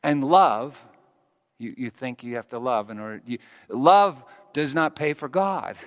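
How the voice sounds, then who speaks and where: Man preaching in a reverberant hall. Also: measured pace. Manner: dramatic, rising to high excited quoted voices. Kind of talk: sermon with storytelling. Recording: long reverb of a large hall.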